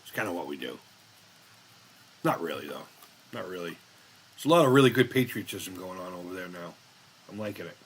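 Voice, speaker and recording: A man's voice: low voice, animated, a little fast, pauses often, breathy edge. An American man hosting a casual live chat, rambling and swearing freely as he laughs along. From United States. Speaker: live stream host.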